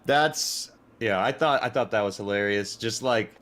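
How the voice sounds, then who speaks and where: A man's voice: on the low side, normal speed, a bit bright. A man co-hosting a casual podcast, reacting to a story with laughs and short comments. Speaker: podcast co-host. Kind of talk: casual chat.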